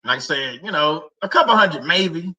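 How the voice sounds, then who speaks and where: A man's voice: fairly high pitch, lively intonation, moderate pace, pushed and bright. A man hosting a faith livestream, chatting casually with viewers, joking, laughing often and using lots of slang and repetition. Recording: somewhat distant mic.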